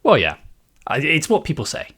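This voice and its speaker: A man's voice: on the high side, huge pitch swings, normal speed, pushed and bright, husky. A man co-hosting a podcast in casual chat, making dry self-mocking jokes with hesitant fillers. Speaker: podcast co-host.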